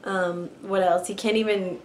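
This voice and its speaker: Young woman, vlogger, casual storytelling, chatty, lots of fillers, mid-pitched, faint background hiss. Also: fairly even intonation, moderate pace, a little mellow. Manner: chatty, many likes and ums, restarts.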